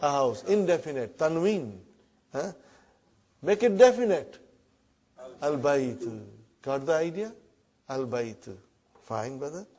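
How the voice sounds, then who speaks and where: A man teaching a classroom Arabic lesson in English, repeating words slowly and checking in with the students as he goes. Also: fairly high pitch, animated, mellow. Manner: repeats words slowly, often asks "huh?" and "brother".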